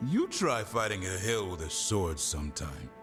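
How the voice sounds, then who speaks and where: A gruff veteran warrior in a game, telling stories with dramatic sweeps. His voice is low and lively, set in a long reverb with soft music. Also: moderate pace. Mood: storytelling. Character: male veteran fighter, gruff storyteller.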